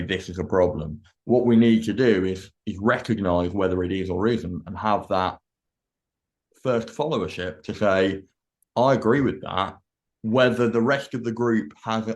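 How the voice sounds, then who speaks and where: A man co-hosting a business podcast, explaining ideas in a measured way in a casual discussion. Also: lowish voice. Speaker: podcast co-host.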